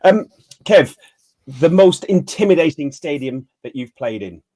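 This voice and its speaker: A man's voice: on the high side, expressive, measured pace, darkish tone, no room sound, clean studio sound. A man hosting a casual football podcast, putting easygoing questions to his guests. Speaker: podcast host. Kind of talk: casual chat, asking questions.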